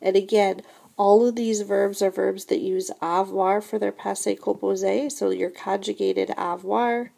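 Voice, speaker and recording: Woman teacher going over french verbs real slow, patient, kinda gravelly voice. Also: mid-range voice, steady tone, warm tone. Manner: slow, patient explaining with frequent "so again" and "remember". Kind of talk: recorded classroom lesson.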